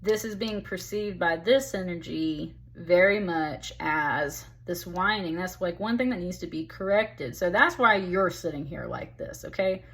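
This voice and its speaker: A woman's voice: fairly low pitch, unhurried, few pauses, fairly bright tone. A woman giving a casual, chatty tarot reading, talking straight to the listener and calling them honey. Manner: chatty, emphatic, calls the listener honey and baby. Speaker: tarot reader.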